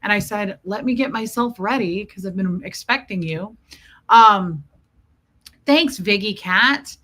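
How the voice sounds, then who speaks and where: A woman's voice: medium pitch, a little slow, bright, forceful tone. A woman hosting a casual livestream, chatting and greeting viewers by name as she tells a story. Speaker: livestream host.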